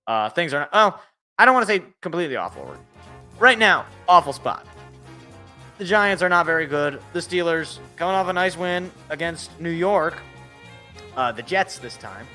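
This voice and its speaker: Opinionated sports host, bright worn voice. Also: male voice, fairly high pitch. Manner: opinionated, rattles off picks. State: tired, voice worn. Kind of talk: casual sports talk show.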